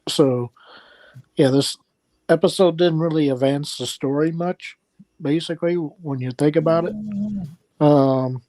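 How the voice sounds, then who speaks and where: Slow, mellow man with halting speech. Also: fairly high pitch, no room sound. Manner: halting, many ums and pauses. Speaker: podcast panelist. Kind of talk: casual chat.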